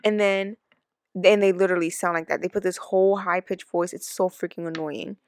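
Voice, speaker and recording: A woman co-hosting a casual chat who rants in quick bursts and talks over her partner. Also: on the low side, steady tone, no room sound, studio quality. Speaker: podcast co-host.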